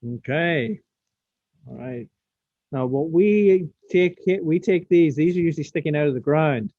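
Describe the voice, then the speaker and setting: A man's voice: fairly high pitch, unhurried, no room sound. A man teaching a science practical over a video call, casual, asking the class questions as he demonstrates. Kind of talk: online science lesson. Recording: dull lo-fi sound, dry.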